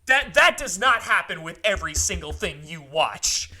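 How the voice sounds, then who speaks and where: A man's voice: sits high, sing-song, moderate pace, sharp tone. A man co-hosting a podcast, talking emphatically in a casual, ranting way and often repeating himself. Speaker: podcast co-host.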